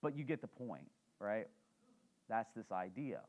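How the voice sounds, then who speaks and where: A man's voice: fairly low pitch, sing-song, a little slow. A man, a pastor teaching a sermon in church in a conversational way, with fillers and questions to the congregation.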